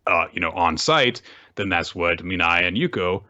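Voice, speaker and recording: A man co-hosting a casual recap podcast, explaining plot points and correcting details in a measured way. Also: sits low, bright, forceful tone, dull audio. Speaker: podcast co-host.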